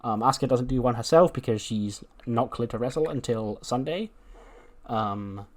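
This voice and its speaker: A man's voice: medium pitch, normal speed, a little mellow. Chatty man narrating a wrestling sim. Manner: chatty, laughs at himself, swears casually. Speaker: YouTuber playing a wrestling booking sim. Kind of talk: casual commentary.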